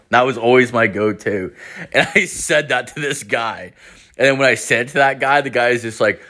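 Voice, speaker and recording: In a medium-pitched, slightly bright voice at a moderate pace, a man rambles through a comedic story. It's a casual, profane rant full of constant swearing and lots of "like."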